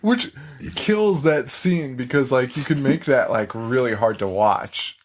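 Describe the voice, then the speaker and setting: A man in a mid-range voice hosts a casual movie podcast. He riffs loosely, laughs often and swears without a second thought. His delivery stays animated and conversational throughout. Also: mid-range voice, unhurried. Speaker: podcast host. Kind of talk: casual movie-review chat.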